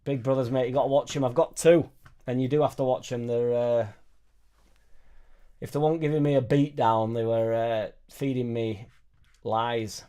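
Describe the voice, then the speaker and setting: A man's voice: medium pitch, steady tone, moderate pace, mellow, clean tone. A man hosting a casual live stream from a home studio, chatting in a rambling, jokey way and reading out viewer comments. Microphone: suspended studio microphone.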